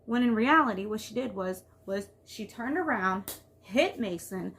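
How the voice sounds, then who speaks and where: A woman's voice: mid-range voice, lively intonation, measured pace, a bit bright, slight background noise. A woman vlogging as a mother, talking casually and venting in a rambling way with lots of "like.". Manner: rambling, venting, heavy use of "like". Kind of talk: casual confessional vlog talk.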